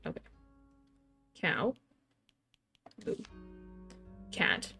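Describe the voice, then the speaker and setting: A woman streamer playing through a game, chatting casually and reading each line of dialogue aloud in light, playful character voices. Her voice sits at an ordinary middle pitch, with faint game music underneath. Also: lively intonation, normal speed, long pauses, pushed and bright.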